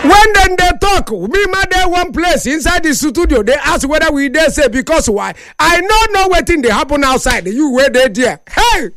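A man's voice: extremely high pitch, animated, moderate pace, hardly any pauses, sharp tone, faint music behind. A man with a Nigerian Pidgin accent, hosting a radio show in a studio and giving impassioned commentary full of rhetorical questions. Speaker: radio host.

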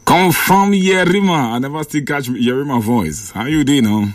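A man with a Nigerian Pidgin accent hosting a call-in radio show, reading out listener greetings in a lively, chatty way. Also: mid-range voice, a little fast, a crowd in the background. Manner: lively, chatty, laughs often. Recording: radio broadcast with faint music.

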